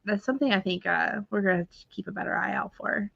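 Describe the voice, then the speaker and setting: A woman co-hosting a casual live chat, speaking in a relaxed, hesitant way. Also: medium pitch, fast, vocal fry, husky, no echo, lo-fi sound. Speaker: podcast co-host.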